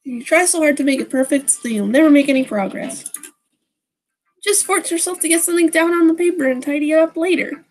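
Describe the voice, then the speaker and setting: A woman's voice: sits high, a little fast, natural voice, low-quality recording. A woman voicing an upbeat teen girl club president who gives cheerful advice.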